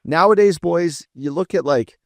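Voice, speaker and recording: A man's voice: a little high, normal speed, no room sound, studio quality. A man co-hosting a casual hockey podcast, talking in a laid-back drawl with plenty of fillers.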